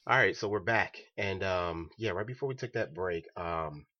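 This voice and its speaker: A man hosting a casual chat, loose and joking, with a husky voice. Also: low-pitched, animated, highs cut off, very noisy. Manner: loose, joking, reacts with quick exclamations. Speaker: podcast host.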